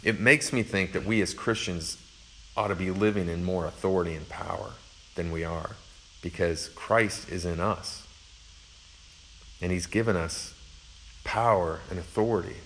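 A male preacher teaching through scripture in a low-pitched voice. His delivery is conversational and reflective, full of casual asides and fillers, with a mix of reading and explaining. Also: moderate pace, pauses often, a bit bright, a little hiss or hum. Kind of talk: sermon, Bible teaching.

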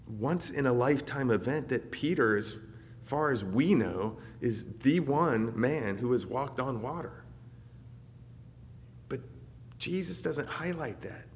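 Guy preaching a sermon, goes big and loud then quiet, long echoey reverb. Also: medium pitch, expressive, takes it slowly, pauses often, a little hiss or hum. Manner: dynamic, swings between loud declaration and soft reflection. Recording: hall reverb.

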